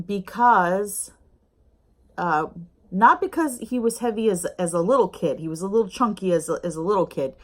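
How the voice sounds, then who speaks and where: Chatty, rambling middle-aged woman. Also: on the low side. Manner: chatty, rambling, with many fillers. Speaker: YouTube reviewer. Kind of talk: casual review chat. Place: home with a snoring pet dog nearby.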